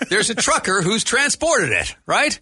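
A man's voice: sits high, unhurried, slightly rough, no room sound. A man with a New York accent hosting a radio show, chatting casually and telling jokes. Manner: animated, laughing storyteller. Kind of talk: casual comedic banter.

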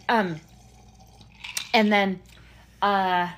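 A woman's voice: mid-range voice, steady tone, extremely slow, a bit bright, a little hiss or hum. Rambling emotional woman chatting. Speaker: podcast co-host. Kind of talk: casual chat.

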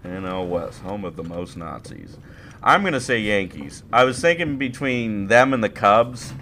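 A man's voice: fairly low pitch, animated, normal speed, bright, forceful tone, a little hiss or hum. A man co-hosting a casual sports podcast, joking and swearing through the banter. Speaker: podcast co-host.

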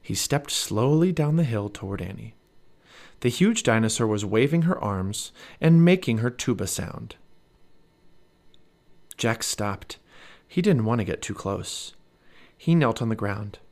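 A man reading a children's storybook aloud as narrator, expressive and animated. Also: on the low side, unhurried, vocal fry, pauses often.

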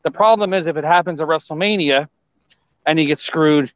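A man co-hosting a casual wrestling podcast, talking through his opinions in an excitable, rambling way. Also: fairly high pitch, brisk, no room sound. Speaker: podcast co-host. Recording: dull lo-fi sound.

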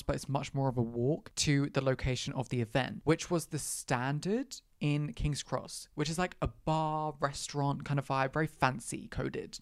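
A man's voice: mid-range voice, no echo, studio quality. Chatty dramatic man storyteller. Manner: chatty and dramatic, with quoted asides and swearing. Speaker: podcast host telling a personal story. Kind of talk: casual storytelling monologue.

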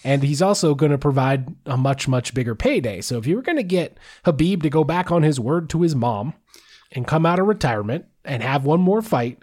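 A man's voice: on the high side, lively intonation, a little fast, darkish tone. A man co-hosting a sports podcast, chatting casually and joking, with frequent restarts. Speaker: podcast co-host.

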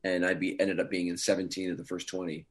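A man's voice: low-pitched, flat delivery, quick pace. A man, an actor, chatting in an interview and rambling through stories with lots of fillers. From Scottish heritage through his parents. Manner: rambling storytelling, many fillers. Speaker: actor guest. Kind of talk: casual interview chat.

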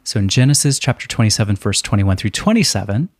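A man's voice: on the low side, sing-song, fast talker, a little mellow, no room sound. Wry man reading scripture, dry sound. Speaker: podcast co-host. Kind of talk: casual chat and scripture reading.

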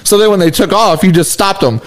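A man's voice: high voice, brisk, slight background noise. A young man co-hosting a casual podcast, telling stories with lots of laughter and acted-out quotes. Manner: laughs often, acts out quotes animatedly. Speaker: podcast co-host. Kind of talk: casual chat.

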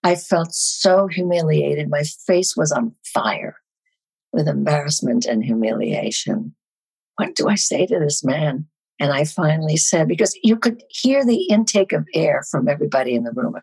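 Low husky older woman telling stories. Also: moderate pace, poor audio. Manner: animated storyteller. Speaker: guest actress. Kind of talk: podcast storytelling.

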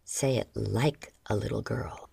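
A woman voicing a confident, stern man who talks low, slow and coaxing. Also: creaky, mellow, breathy edge, no room sound, exaggerated voice.

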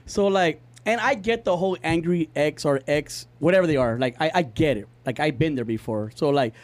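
Fast-talking, profane Californian storyteller man. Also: on the high side, dry recording. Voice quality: profane, rambling with many fillers. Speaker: podcast co-host. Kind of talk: casual storytelling chat.

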